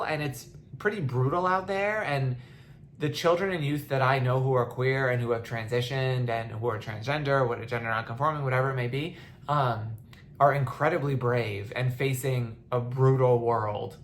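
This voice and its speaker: A woman's voice: very deep voice, moderate pace, a little hiss or hum. A young woman hosting a podcast, talking in a casual, impassioned way with many restarts, at times close to tears. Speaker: podcast host. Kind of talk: casual monologue.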